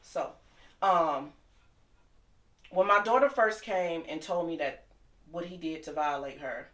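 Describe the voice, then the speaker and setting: A woman's voice: fairly low pitch, a bit bright. Impassioned woman in an echoey room. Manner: impassioned, talks fast and heated. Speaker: guest. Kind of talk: emotional personal storytelling.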